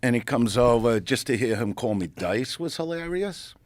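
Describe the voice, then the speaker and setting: Middle-aged new guy cracking up a podcast with a crude animated story, dry close mic. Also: mid-range voice, normal speed, no room sound. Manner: animated, profane, acts out quotes. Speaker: comedian guest.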